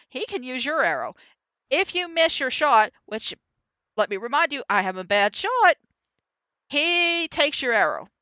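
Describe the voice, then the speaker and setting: A woman streamer talks over her gameplay in a rambling, excitable way and breaks into laughter often. Her voice is high and bright, with a smooth, crisp tone. It is recorded close and dry. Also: no room sound, dull audio. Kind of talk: casual gameplay commentary. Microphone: voiceover recorded after the stream.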